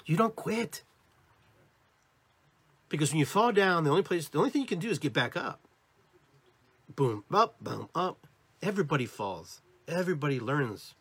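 A man with an American accent hosting a podcast, giving an animated spiritual talk to his listeners. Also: fairly high pitch, moderate pace, long pauses, husky, no echo. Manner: animated, demonstrating inflections. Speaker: podcast host.

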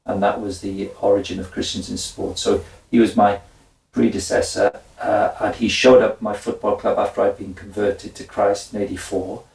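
Brief: man in his 60s, gravelly low voice, animated storyteller, echoey room with the mic at a distance. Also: moderate pace. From Wales. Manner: animated, laughing, acts out his own side of dialogue. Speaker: guest, former footballer and minister. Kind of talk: conversational storytelling.

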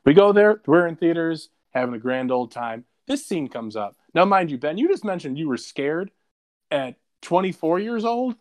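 A man in his twenties on a casual podcast, telling a story in an animated, profane, dramatic way. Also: on the high side, normal speed. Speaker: podcast co-host.

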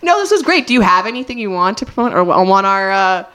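A woman's voice: medium pitch, sing-song, a bit bright, slight background noise. Slangy, enthusiastic podcast co-host woman. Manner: enthusiastic, slangy, quick quips. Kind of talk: casual chat.

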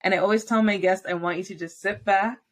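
Young woman hosting her podcast, hyped and supportive, regular middle pitch. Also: fairly even intonation, quick pace. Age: young adult. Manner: warm, encouraging and enthusiastic with guests. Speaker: podcast host. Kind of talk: casual interview chat.

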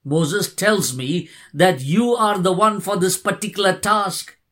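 Man doing God speaking to Moses, patient, firm, insistent, slow and measured, somewhat high. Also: fairly bright tone. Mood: reassuring. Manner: earnest, insistent repetition.

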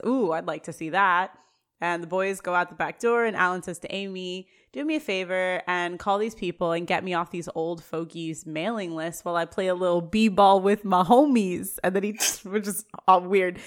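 A woman co-hosting a casual podcast, walking through episode scenes line by line. She slips into the characters' quoted dialogue and laughs along as she goes. Her pitch sits in an ordinary middle range. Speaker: podcast co-host. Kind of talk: casual recap chat.

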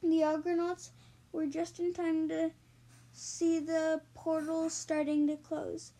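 A woman reading a children's chapter book aloud, unhurried, with frequent ums and self-corrections. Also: very high-pitched, completely flat delivery, dark tone. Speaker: storybook reader and podcast host.

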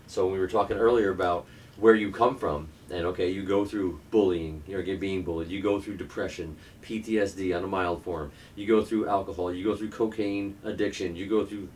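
Deep-voiced man telling a raw personal story. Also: distant mic. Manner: candid, earnest, occasionally profane. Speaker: podcast guest.

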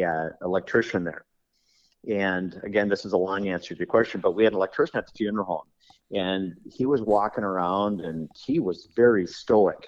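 Funeral director podcast guest, low voice, rambling anecdotes, dull lo-fi sound. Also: male voice. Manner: rambling storyteller, acts out quoted dialogue. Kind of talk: podcast conversation.

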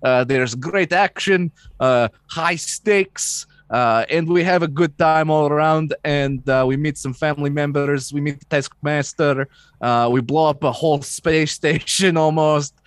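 A man from Maine casually summarizing a movie plot, jokey and halting, with lots of fillers. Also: fairly high pitch, smooth, dry recording. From Maine, United States. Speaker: podcast co-host.

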